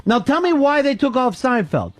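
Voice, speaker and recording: Radio host man, high and lively, cursing and mocking, dry studio sound. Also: normal speed, dry recording, soft background music. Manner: profane, mocking, puts on voices in quotes. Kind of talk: casual radio talk.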